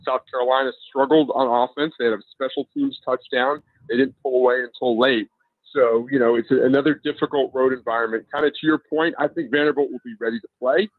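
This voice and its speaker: A man's voice: mid-range voice, fairly even intonation, fairly quick, no echo. Man analyzing football over a tinny phone line. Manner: analytical, stammers and restarts at times. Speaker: college football editor and radio guest. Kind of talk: sports radio analysis.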